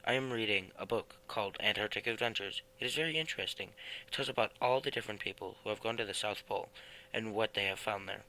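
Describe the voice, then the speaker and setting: A man voicing an eager, dreamy middle-aged house painter in a read-aloud storybook, lively and animated. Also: lowish voice, fast talker, slight background noise, rough recording.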